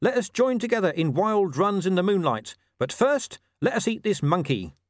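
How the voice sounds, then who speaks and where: A man voicing a scruffy small male street dog with a whining, squeaky voice in an audiobook. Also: big pitch swings, normal speed, no echo, clean studio sound. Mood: sarcastic. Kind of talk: audiobook character voice.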